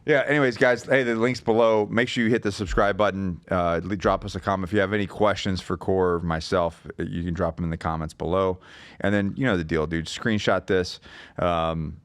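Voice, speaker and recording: A man with a deep, low voice hosts a podcast in a casual way, recorded close and dry. He speaks straight to his listeners in short, punchy lines. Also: fairly even intonation, a little fast, clear, resonant tone, dry recording. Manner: direct, punchy sign-off lines. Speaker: podcast host.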